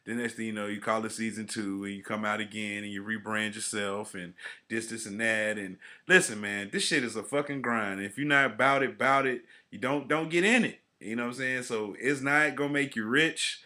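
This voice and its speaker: A man's voice: fairly low pitch, fairly even intonation, a little fast, pushed and bright. A man co-hosting a casual podcast, talking in a laid-back, rambling way with lots of fillers. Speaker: podcast co-host.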